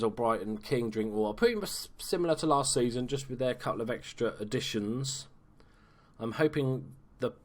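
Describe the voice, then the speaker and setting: A man giving casual, chatty commentary over a video game at home, swearing freely and tossing in dry asides. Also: medium pitch. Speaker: gaming YouTuber.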